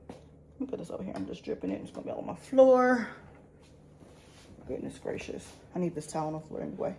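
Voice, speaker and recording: A woman's voice: fairly low pitch, huge pitch swings, fast talker, long pauses, darkish tone. A woman, chatting nervously and laughing at herself while showing how she dyes a wig at a sink. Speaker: beauty vlogger. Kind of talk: casual talk-along tutorial. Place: indoor room at a sink. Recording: echoey room with faint ambient noise.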